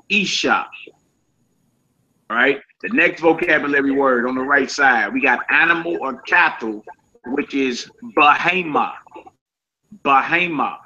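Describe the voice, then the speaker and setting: A man teaching a casual Hebrew vocabulary lesson, saying each word slowly and repeating it, with relaxed slang asides to his listeners. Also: mid-range voice, slight background noise. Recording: dull lo-fi sound.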